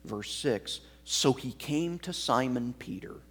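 Male pastor, husky voice, unhurried expository sermon, walks through the text point by point. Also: medium pitch, expressive, a bit bright. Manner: measured teaching, explaining a passage line by line.

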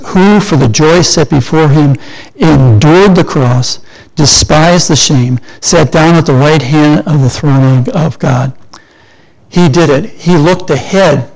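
A man's voice: on the high side, gravelly, a little mellow, low-quality recording. An older man preaching a sermon in a conversational way, often asking and answering his own questions.

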